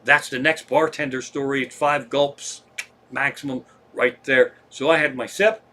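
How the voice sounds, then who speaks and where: A middle-aged man with a Pennsylvania accent, a comedian telling a profane, animated story on a live stream. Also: medium pitch, a little slow.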